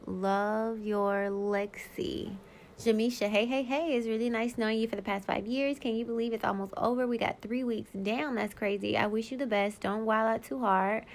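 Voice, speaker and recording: A woman in her thirties hosts a solo podcast, her voice carrying a steady gravelly fry. She talks frankly and swears freely, speaking straight to her listeners in loose, unscripted chat. Now and then she reads old yearbook messages aloud in the same easy way. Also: a little high, normal speed, slight background noise. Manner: candid, profane and emphatic, talks straight to listeners. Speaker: podcast host.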